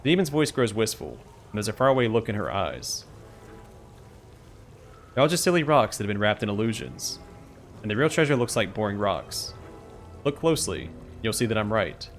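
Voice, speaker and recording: A man's voice: lowish voice, very animated, moderate pace, pauses often, soft background music. A man voicing a petulant female fecal demon queen who whines and boasts like a spoiled princess. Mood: petulant whining. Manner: whining, smug, self-pitying.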